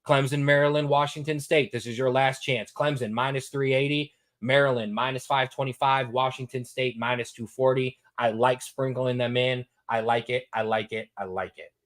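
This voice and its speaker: A man hosting a sports talk show, giving his betting picks in a lively, repetitive, hyped-up way. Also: mid-range voice, normal speed, few pauses. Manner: animated, repetitive, hypes picks.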